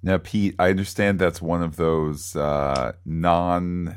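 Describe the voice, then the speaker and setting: A man's voice: low voice, fairly even intonation, a little slow, clean tone. A man co-hosting a podcast, recapping a TV episode in a wry, wordy, playful way. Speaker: podcast co-host.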